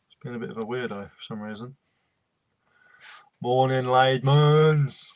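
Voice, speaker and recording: A man's voice: on the low side, level tone, racing, dry recording. A young man, casually chatting and greeting viewers by name while he works on a livestream. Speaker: reseller livestream host.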